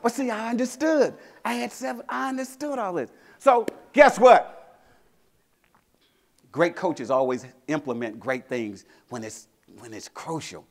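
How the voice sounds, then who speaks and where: Animated man giving a keynote. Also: sits high, a little slow, vocal fry. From Mississippi, USA. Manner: animated storytelling, acting out quotes, rallying the crowd. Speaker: motivational speaker. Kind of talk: motivational keynote speech. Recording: convention hall.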